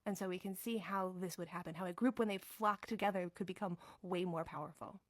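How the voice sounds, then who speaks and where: A woman's voice: fairly low pitch, a little fast, no echo. A woman giving tongue-in-cheek film commentary in a wry, playful and emphatic way.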